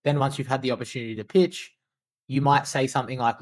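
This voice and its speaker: A man's voice: mid-range voice, fairly even intonation, fast, darkish tone, no room sound. A man talks candidly and loosely as a podcast guest, dropping the odd swear word and plenty of "like." His voice sits in an ordinary middle range, and the recording is dry and close with no room sound. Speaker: podcast guest, outbound sales agency founder. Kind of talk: casual interview talk.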